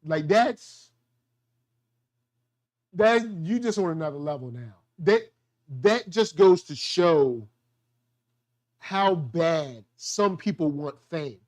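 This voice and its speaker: A man's voice: a little high, takes it slowly, long pauses. Slangy man riffing on a TV show. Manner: slangy, animated, acts out quotes in voices. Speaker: show host. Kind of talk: casual TV review chat.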